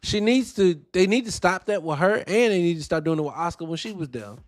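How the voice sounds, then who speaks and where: Soft background music plays as a man with a voice that sits high talks fast on his wrestling podcast. He's animated and profane, giving blunt opinions in casual commentary and firing back at his chat.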